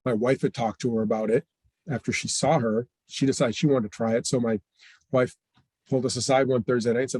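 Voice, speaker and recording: A middle-aged man telling stories in an interview, who acts out the lines of the people in them with lively changes of voice. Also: mid-range voice, fast, husky, no room sound. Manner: animated, acts out quoted dialogue. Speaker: franchise owner guest. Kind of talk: storytelling interview chat.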